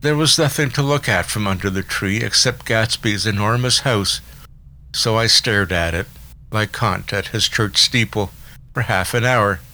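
A man reading a novel aloud as an audiobook narrator, in a measured, literary first-person style. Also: lowish voice, bright, forceful tone, poor audio. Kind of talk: scripted narration.

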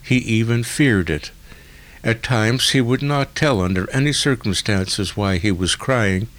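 A man narrating a literary story in a measured, deliberate way. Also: lowish voice, fairly bright tone. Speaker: audiobook narrator.

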